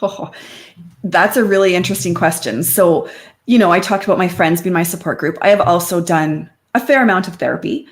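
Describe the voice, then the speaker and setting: A woman's voice: fairly low pitch, a little fast. A middle-aged woman, a podcast guest, speaking openly and conversationally about her life. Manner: open and conversational, quotes friends in lively voices. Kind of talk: candid personal interview.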